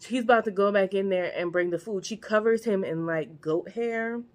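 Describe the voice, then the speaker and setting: A woman vlogger talks through a Bible story in a loose, chatty way. Her voice sits at a middling pitch, and she keeps it slangy with frequent offhand asides. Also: normal speed, darkish tone. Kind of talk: casual chat retelling a Bible story.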